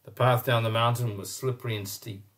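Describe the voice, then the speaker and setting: A man reading a children's storybook aloud at a middling pitch, expressive in his telling. He stops now and then to point out what the pictures show. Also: fairly quick.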